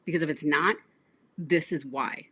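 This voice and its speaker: Low, husky woman host; chatty coach who tells stories and plays out dialogue. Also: fairly even intonation, unhurried, a bit bright. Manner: storytelling, acts out client dialogue, laughs often. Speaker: business coach, livestream host. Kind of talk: casual livestream chat.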